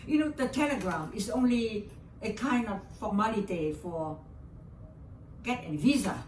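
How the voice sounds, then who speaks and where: An older woman from Vietnam tells a personal story with emotion as an interview guest, speaking English as a second language with a Vietnamese accent and frequently repeating herself. Her mid-range voice is darkish in tone, unhurried, and lively in intonation. The sound comes across roomy and distant with faint hiss.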